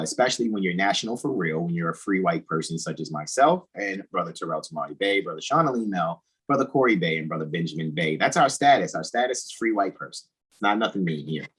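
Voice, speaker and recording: A man's voice: low voice, a bit bright, breathy edge, rough recording. A man hosting a casual podcast, talking in an emphatic, preachy way and often repeating "all righty". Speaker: host.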